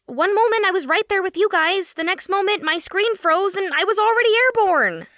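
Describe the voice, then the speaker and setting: A man's voice: very high-pitched, animated, normal speed, sharp tone, no room sound, studio quality, voice pushed up, exaggerated voice. A male audiobook narrator voicing a sardonic, competitive young woman gamer who grumbles and teases back. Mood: wry, grumbling. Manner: grumbling, wry.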